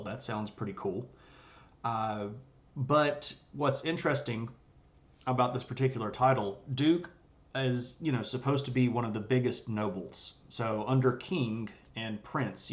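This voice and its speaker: A man with blocked sinuses giving a casual, chatty live-streamed history lecture with jokes and fillers. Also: mid-range voice. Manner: chatty, jokey, many fillers.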